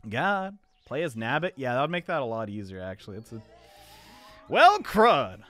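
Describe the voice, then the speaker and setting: A young man streaming a platform game live, chatting with viewers and yelling at his mistakes. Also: medium pitch, quick pace, soft background music. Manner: animated, chatty, answers chat, swings to yelling at the game. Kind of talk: live gameplay commentary.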